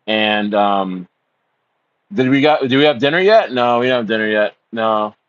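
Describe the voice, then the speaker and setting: A man's voice: lowish voice, lively intonation, moderate pace, muffled recording. A man hosts a casual livestream. He rambles, fills his talk with ums and uhs, swears, and calls his viewers bro. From United States. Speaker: livestream host.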